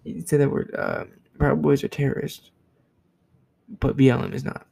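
Very gravelly young man ranting. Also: medium pitch, moderate pace, mellow, poor audio. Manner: blunt, profane, repeats himself. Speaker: vlogger. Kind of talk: heated opinion rant.

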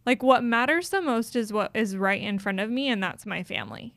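Smooth-voiced woman, heartfelt podcast chat. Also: a little high, sing-song, a little fast, a bit bright, no room sound, clean studio sound. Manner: heartfelt, confessional, with many "like" fillers. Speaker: podcast co-host.

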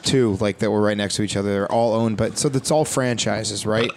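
A man's voice: lowish voice, a little fast, slight background noise. Laid-back male podcast guest. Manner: relaxed, filler-heavy talk with lots of "like". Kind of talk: casual chat.

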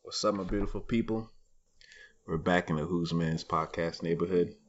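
A man's voice: deep voice, normal speed, a little hiss or hum. A man co-hosting a podcast, telling a story in a rambling casual way with lots of ums and uhs. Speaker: podcast co-host. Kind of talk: casual chat. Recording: muffled lo-fi podcast recording.

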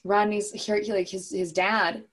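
A young woman recaps a movie in a loose, jokey way. She is chatty and leans on "like" and other fillers. Her voice is breathy and slightly husky. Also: mid-range voice, fairly even intonation, measured pace.

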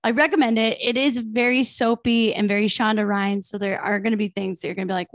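A woman's voice: medium pitch, steady tone, quick pace, no room sound, studio quality. A young adult woman co-hosting a podcast, telling a story in casual gossipy chat with plenty of swearing. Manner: chatty, swearing, enthusiastic storyteller. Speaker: podcast co-host.

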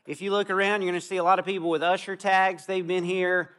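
A pastor with a high voice preaches to a gathering outdoors. He tells stories with earnest warmth of purpose and draws out key phrases slowly for emphasis. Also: level tone. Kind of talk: sermon.

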